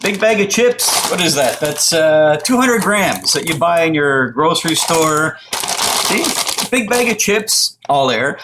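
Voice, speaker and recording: A middle-aged man from the Toronto area, ranting to camera in a loud, exasperated, profane comic rant. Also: a little high, sing-song, unhurried, noisy background. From Canada, Toronto area.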